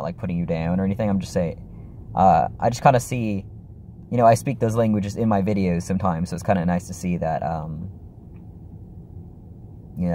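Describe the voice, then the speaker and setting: A man's voice: on the low side, mellow, slight background noise. A young man chatting casually in a vlog, rambling and apologetic, with lots of fillers and restarts. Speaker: YouTuber.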